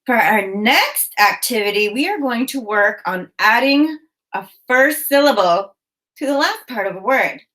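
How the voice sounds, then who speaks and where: A woman teacher leading a children's phonics lesson, speaking in slow, clearly enunciated prompts with encouragement. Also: a little high, lively intonation, a bit bright.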